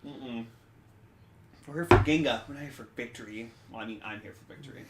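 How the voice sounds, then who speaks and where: A man's voice: mid-range voice, very noisy. A man co-hosting a podcast in casual chat, rambling, swearing freely and laughing as he talks. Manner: rambling, swearing, laughing, doing quick impressions. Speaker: podcast co-host. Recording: echoey room.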